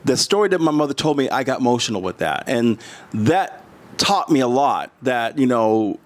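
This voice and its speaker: A man's voice: medium pitch, animated, normal speed. A middle-aged man from the United States, a guest in a casual interview, talking earnestly and emotionally with many restarts.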